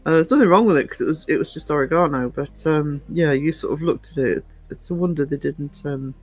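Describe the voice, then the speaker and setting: A man's voice: on the high side, fairly quick, soft background music, poor audio. A British man hosting a YouTube livestream, chatting casually in a rambling, digressive way. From United Kingdom. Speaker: YouTube channel host.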